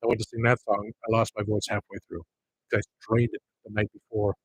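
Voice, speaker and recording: A man's voice: fairly low pitch, level tone, a little fast, slight background noise, low-quality recording. A man chatting casually on a livestream, rambling from one thing to the next and grumbling about people.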